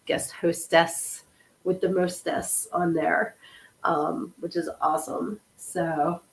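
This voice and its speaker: A woman in her fifties with a slightly low voice, hoarse and sniffly from a lingering cold. She chats casually to her livestream audience, greeting people by name and apologizing for how she sounds. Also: level tone, slow pace. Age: 50s. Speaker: podcast host and author.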